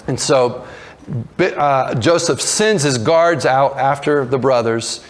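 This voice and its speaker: A man preaching a sermon, retelling a story in a conversational way and slipping into lively voices for the characters. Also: mid-range voice, slow. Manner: conversational with frequent restarts and fillers. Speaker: pastor.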